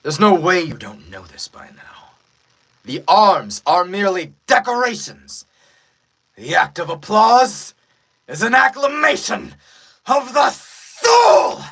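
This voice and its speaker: A man voicing an intense male anime fighter in a fandub, starting with a whispery edge and building to a theatrical shout. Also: sits high, very animated, slow pace, slightly rough, pitched above the performer's own voice, full character voice, poor audio. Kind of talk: fandub voice acting.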